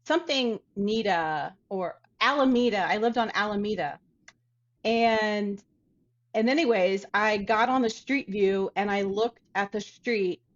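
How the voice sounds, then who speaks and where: A woman artist from Ohio telling a story in a casual interview, chatty and animated. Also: mid-range voice, highs cut off. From Dayton, Ohio. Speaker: artist guest.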